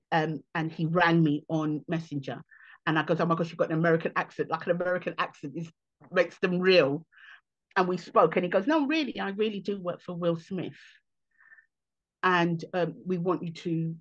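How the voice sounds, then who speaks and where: Animated woman comedian telling stories. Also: muffled recording. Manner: animated, acts out quotes with big pitch jumps. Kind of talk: interview storytelling.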